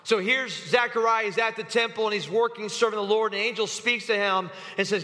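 A man preaching a lively sermon, calling his congregation to read scripture aloud with him. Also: sits high, a little fast, few pauses. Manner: animated, calls the congregation to read along. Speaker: pastor. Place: church sanctuary. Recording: hall reverb.

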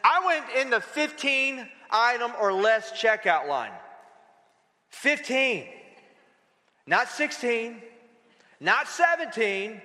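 A male pastor preaching a sermon in a church, animated and acting out little dialogues with the crowd. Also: extremely high pitch, takes it slowly, pauses often, big-room sound. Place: church sanctuary.

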